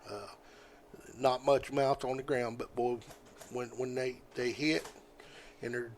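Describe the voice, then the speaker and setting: A man's voice: medium pitch, steady tone, a little hiss or hum. Folksy older man. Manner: folksy, rambling, halting with many fillers. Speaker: podcast guest. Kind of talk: casual storytelling.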